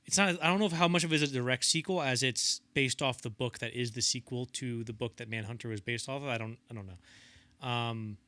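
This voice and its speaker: A brisk young man with a medium-pitched voice co-hosts a podcast about film. The film-history chat is easygoing, and he brings his anecdotes to life by doing the quotes in voices.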